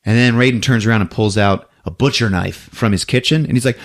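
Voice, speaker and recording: A man on a podcast retelling a film scene by scene, laughing often and acting out the characters' lines. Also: lowish voice. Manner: laughs often, acts out movie lines in quick voices. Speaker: podcast co-host recapping a film. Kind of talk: animated casual retelling.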